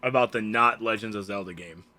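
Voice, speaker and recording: A man with a Southern American accent co-hosting a casual gaming news show in an animated, chatty way. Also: on the low side, fairly quick, dry recording. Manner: animated, laughing, loose and chatty. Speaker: podcast co-host.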